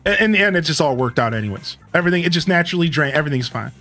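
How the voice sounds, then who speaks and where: A man livestreaming and chatting casually with his viewers, telling a rambling, animated story full of filler words. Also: on the high side, very fast, faint music behind. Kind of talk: casual chat with stream viewers.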